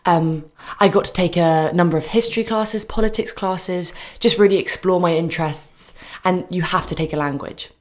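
A woman's voice: fairly low pitch, normal speed, few pauses. A young British woman chatting as a radio guest, hesitant with frequent ums and laughing asides. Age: young adult. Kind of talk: casual radio chat.

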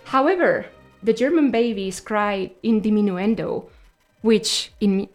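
A woman's voice: medium pitch, a little slow. A woman hosts a radio show and talks her way through science facts in a loose, chatty style. She stumbles, restarts and fills gaps with "um" and "like" as she goes. Music plays faintly beneath her voice. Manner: chatty and loose, many fillers and self-corrections. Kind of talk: casual radio talk sharing science facts between songs.

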